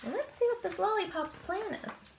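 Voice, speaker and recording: A woman librarian reading a picture book aloud to preschoolers, slow and expressive, asking the children questions. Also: very high-pitched, echoey room, slight background noise. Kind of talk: preschool story time read-aloud.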